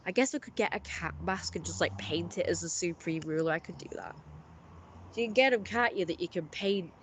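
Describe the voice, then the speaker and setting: A friendly livestream host with a middling pitch, talking loosely to chat and reading out viewer messages. The speech wanders and restarts often. A faint noise sits under the voice. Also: a little fast, a bit bright. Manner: rambling, self-correcting, friendly.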